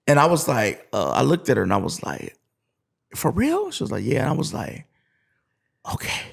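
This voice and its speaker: Male podcast guest, gravelly, lively swinging delivery, acts out voices as he tells stories. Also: lowish voice, fast. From USA. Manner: animated storyteller, acts out voices in his anecdotes. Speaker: guest musician. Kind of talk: casual storytelling interview.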